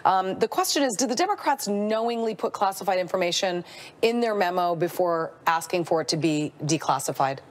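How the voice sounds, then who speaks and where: Live TV anchor, female, low-pitched, friendly banter between reports. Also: animated, fairly quick. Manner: chatty, laughs easily between segments. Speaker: news anchor. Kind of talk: live cable news anchoring.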